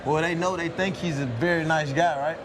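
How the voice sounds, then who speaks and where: A man's voice: fairly high pitch, fairly even intonation, fairly quick. A young man, a college football player, being interviewed and answering in a laid-back, colloquial, laughing way. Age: young adult. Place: outdoors at a busy media event. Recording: noisy crowd behind. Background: crowd chatter.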